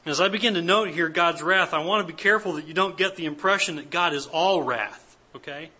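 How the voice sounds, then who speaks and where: Guy preaching a sermon, emphatic, keeps repeating his point, kinda high and sharp sounding. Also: fairly quick, husky. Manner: earnest, emphatic, repeats key phrases. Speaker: pastor. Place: church service.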